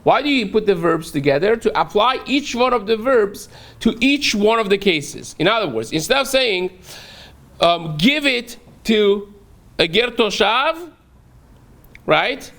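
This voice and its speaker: A man's voice: high voice, sing-song, unhurried, fairly bright tone. A man, a rabbi teaching a daily Talmud class, who reads a phrase aloud, then explains it step by step and keeps checking in with a rhetorical "right?".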